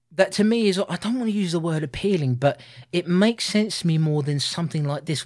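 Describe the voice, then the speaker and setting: A man in his thirties co-hosting a casual film review podcast, animated and laughing often. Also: on the high side. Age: 30s. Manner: animated, laughing, puts on voices for quotes. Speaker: podcast co-host.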